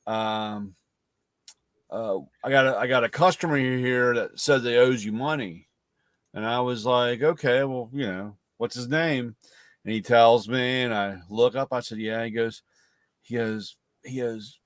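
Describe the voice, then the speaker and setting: Dude chatting loosely about customers, dry mic sound. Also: male voice, medium pitch, a little slow, no echo. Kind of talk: casual chat.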